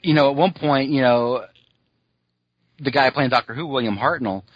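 A man's voice: mid-range voice, normal speed, dry recording, muffled recording. A man co-hosting a podcast, chatting casually and rambling, with lots of "you know" asides. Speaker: podcast co-host. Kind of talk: casual chat.

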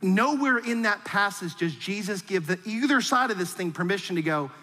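High, bright-voiced male preacher in a big hall. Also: normal speed, hardly any pauses. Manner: animated, acts out angry voices, then drops low and soft for serious points. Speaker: pastor. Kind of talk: sermon.

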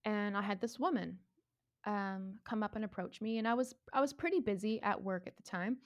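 A woman in her thirties telling a story in casual chat, animated, swearing freely and laughing often. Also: mid-range voice. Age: 30s.

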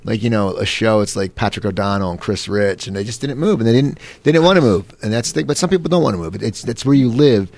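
A man hosting a casual interview, talking in rambling, quick asides. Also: on the low side, expressive, darkish tone. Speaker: interview host. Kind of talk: casual chat.

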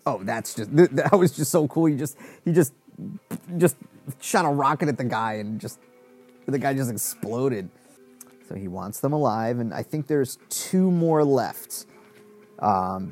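A man talks through a show as it plays. He rambles with lots of fillers and restarts, and his pitch moves in a lively way. Faint music sits in the background. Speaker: show reviewer. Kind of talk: casual reaction commentary.

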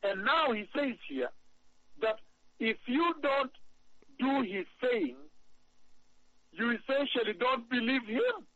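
High-voiced preacher on lo-fi radio. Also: male voice, big pitch swings. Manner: emphatic, repeats phrases, reads scripture slowly. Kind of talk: sermon.

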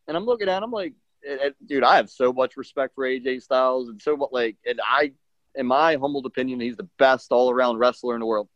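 Speaking fairly quickly in a higher-leaning voice, a middle-aged wrestler recounts a story during a relaxed interview. He acts out quotes with lots of animation and fillers, and the audio is dull, lo-fi, and dry with no echo.

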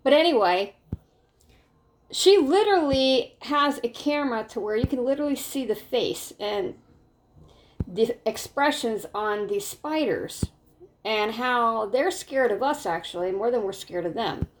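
Woman vlogger talking off the cuff, rambling and excitable, repeats herself. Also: fairly high pitch, unhurried, a little hiss or hum. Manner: rambling, excitable, with frequent restarts and "literally". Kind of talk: casual talk to camera.

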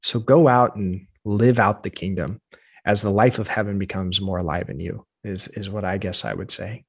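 Low-voiced guy cohosting a church podcast, earnest and thoughtful, dry mic. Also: fairly even intonation, normal speed, husky, no room sound. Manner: earnest, summarizing, reflective. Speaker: podcast co-host. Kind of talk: casual faith podcast discussion.

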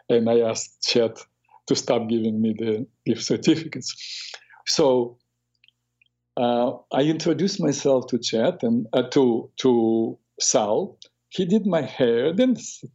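A middle-aged man hosting a talk show on the mind, telling a reflective story in a halting way with many restarts. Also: mid-range voice, dark tone. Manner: halting, with frequent restarts and self-corrections. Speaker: radio host, therapist. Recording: dull lo-fi radio audio.

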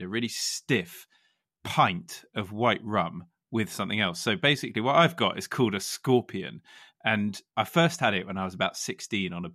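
A man co-hosting a podcast in casual chat, joking, telling animated stories and laughing loudly. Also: deep voice, no echo, studio quality. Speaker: podcast co-host.

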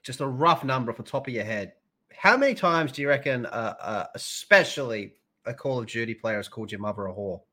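Blunt, bright-voiced Australian man. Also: medium pitch, lively intonation, brisk. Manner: blunt, profanity-heavy storytelling. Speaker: podcast guest. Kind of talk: casual podcast chat.

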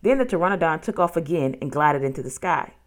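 A woman reading a children's book aloud, with steady, expressive storytelling. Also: low-pitched, fast.

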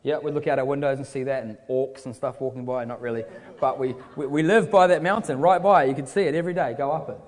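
A man's voice: mid-range voice, fast talker, hardly any pauses. A young man from New Zealand with a New Zealand accent, preaching a sermon with casual storytelling and joking asides. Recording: long hall reverb.

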